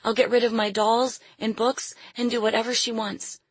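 A woman's voice: a little high, flat delivery, moderate pace, slightly rough, no room sound, voice pushed up. A woman voicing a frightened little girl who prays desperately in a pleading, tearful way.

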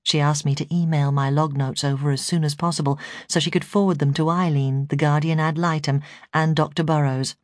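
A woman reads a first-person memoir in a measured, earnest way. Her voice sits low. The studio sound is dry and close. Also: steady tone, darkish tone, no echo. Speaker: audiobook narrator.

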